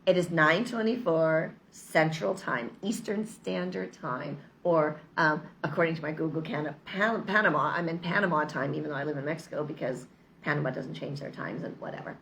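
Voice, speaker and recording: A woman's voice: low voice, brisk, creaky, a bit bright, a little hiss or hum. A woman talking in a casual motivational vlog, chatty, upbeat and persuasive. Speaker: vlogger. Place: lives in Mexico.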